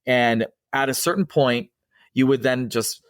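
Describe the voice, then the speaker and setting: A man's voice: medium pitch, unhurried, no echo, studio quality. Rambling middle-aged man telling a story. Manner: rambling and conversational, with many fillers and restarts; acts out quoted dialogue in a raised, excited voice. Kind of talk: casual spoken ghost story.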